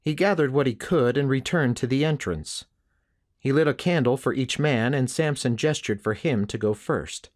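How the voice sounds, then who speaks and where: The narrator is a man with a mid-range voice reading an audiobook in the first person. His pace is steady and measured.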